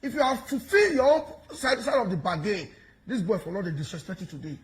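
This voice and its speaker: A Nigerian man giving mocking, animated commentary in pidgin, taunting and laughing as he talks. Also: high voice, a little fast. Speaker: online commentator.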